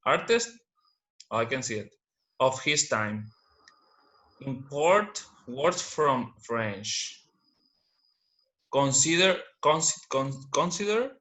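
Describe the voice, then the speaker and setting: Male student, halting classroom reading, stumbles over words, bright voice. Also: medium pitch, expressive. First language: Spanish.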